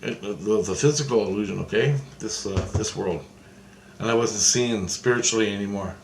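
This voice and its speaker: A man's voice: on the low side, moderate pace, roomy sound, a little hiss or hum, poor audio. A man giving a rambling first-person account of a spiritual vision, restarting and repeating his phrases as he goes.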